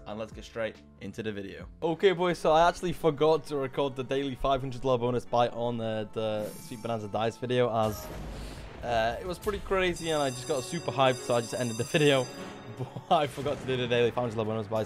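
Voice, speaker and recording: A young man commentating his slot gambling session, shouting excitedly as wins land. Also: mid-range voice, fast talker, soft background music. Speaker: slot streamer.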